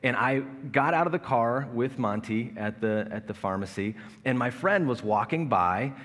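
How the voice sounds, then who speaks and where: Pastor with long hall reverb. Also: male voice, mid-range voice, lively intonation, normal speed, fairly bright tone. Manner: conversational, self-mocking humor with acted-out anecdotes. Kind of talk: sermon. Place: large church worship space.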